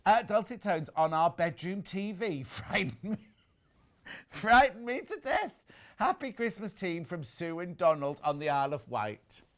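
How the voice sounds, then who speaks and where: Lively chatty male TV presenter. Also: on the high side, moderate pace, few pauses. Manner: lively, gossipy, reads viewer messages aloud. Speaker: shopping channel presenter. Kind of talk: chatty live TV selling. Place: TV studio.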